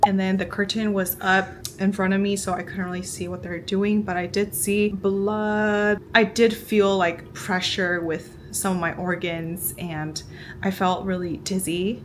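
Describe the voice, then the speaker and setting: A woman's voice: medium pitch, little pitch movement, measured pace, noisy background. A young woman vlogger telling a personal story in a casual, chatty way, peppered with "like" and acting out quotes. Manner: chatty, heavy use of "like" fillers, acts out quotes.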